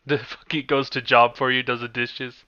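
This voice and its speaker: A man's voice: mid-range voice, level tone, normal speed, bright, forceful tone, lo-fi sound. A young man co-hosting a podcast, teasing his friend with crude jokes. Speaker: podcast co-host. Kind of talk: casual podcast banter.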